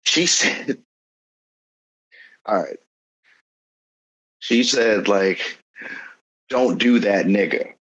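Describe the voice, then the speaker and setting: A man's voice: on the low side, extremely slow, pauses often, a bit bright, muffled recording. A young man hosting a podcast, talking earnestly in casual conversation and repeating phrases for emphasis. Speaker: podcast host.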